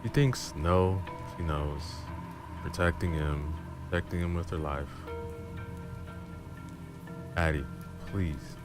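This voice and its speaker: A man reading a dramatic story aloud in a low, slow, intimate manner. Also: steady tone. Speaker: storyteller streamer. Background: background music and rain.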